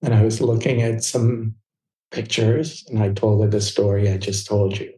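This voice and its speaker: A man guest in an interview, telling a personal story in fast, tumbling anecdotes full of restarts. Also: on the low side, steady tone, mellow. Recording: roomy echo.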